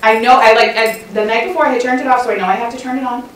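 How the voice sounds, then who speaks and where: A woman's voice: a little high, fairly even intonation, racing, slight background noise. A middle-aged woman telling a chatty, self-mocking story to a church women's session, laughing often. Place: church hall. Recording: roomy hall sound, mic at a distance.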